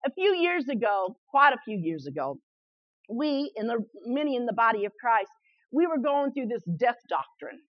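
A woman preaching a sermon in an animated way, often repeating words in quick bursts and laughing as she speaks. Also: on the high side, no room sound. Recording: dull, lo-fi, dry sound.

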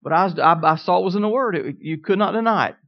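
An emphatic preacher at mid pitch, driving home each line of the sermon and often putting questions to the congregation. Every declaration is repeated with more weight. The sound is dull and lo-fi. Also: quick pace.

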